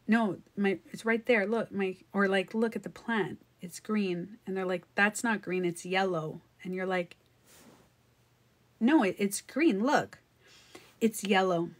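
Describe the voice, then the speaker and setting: A woman hosts a relaxed livestream, talking straight to her viewers. Her voice sits in a middle register. She keeps it chatty and animated, slipping into little acted quotes and laughing along the way. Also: medium pitch, a little slow. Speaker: livestream host. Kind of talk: casual livestream monologue.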